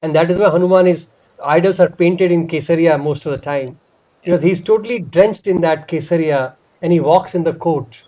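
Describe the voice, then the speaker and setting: Guy telling a sacred story, kinda high voice, lots of you know, dull lo-fi sound. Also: a little fast. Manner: heartfelt, animated retelling with many fillers. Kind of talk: devotional storytelling talk. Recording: dull lo-fi recording.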